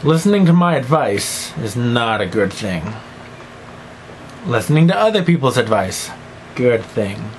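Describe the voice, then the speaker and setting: A man's voice: mid-range voice, very animated, measured pace, slight background noise, rough recording. A teenage boy rambling goofily in a one-take vlog monologue, jumping between silly voices and mumbled asides. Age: teens. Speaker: vlogger.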